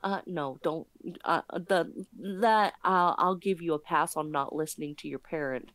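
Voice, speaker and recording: Low-voiced, profane woman telling a story. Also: moderate pace, dry recording. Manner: profane, animated, stumbling restarts. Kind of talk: casual storytelling on a stream.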